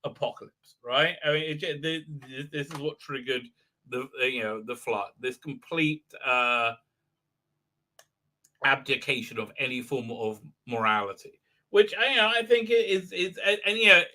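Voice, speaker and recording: A man's voice: medium pitch, lively intonation, measured pace, sharp tone. A middle-aged man hosting a casual livestream, rambling with many fillers and restarts. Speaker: livestream host.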